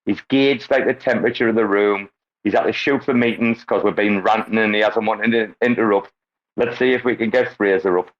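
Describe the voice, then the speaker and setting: A man hosting a casual online audio chat, with loud, joking, swearing banter. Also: on the low side, steady tone, brisk. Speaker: host. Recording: dull lo-fi online call audio.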